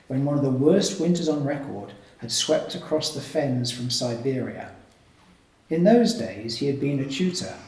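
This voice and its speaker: A male author reading a ghost story aloud at a live event, measured in the narration and chatty with fillers in his asides. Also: medium pitch, darkish tone, recorded from a distance. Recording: echoey room, mic from afar.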